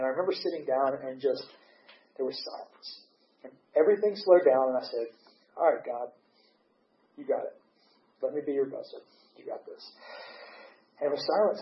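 Earnest man in his 30s, recovery testimony, higher voice, muffled lo-fi sound. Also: roomy sound, a little hiss or hum. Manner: emotional, earnest, voice swings from hushed to excited. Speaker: recovering alcoholic sharing his story.

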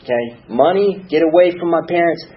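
A man's voice: fairly high pitch, animated, brisk, phone-quality sound, a little hiss or hum. A man from Virginia giving an earnest personal testimony about his past, often checking in with "okay?" and "all right?". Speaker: speaker sharing a recovery story.

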